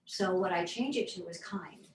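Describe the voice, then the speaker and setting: Soft-spoken woman in an echoey room. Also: lowish voice. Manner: thoughtful, halting, drops to soft near-whispers. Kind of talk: reflective conversational sharing. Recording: echoey room, mic at a distance, faint noise.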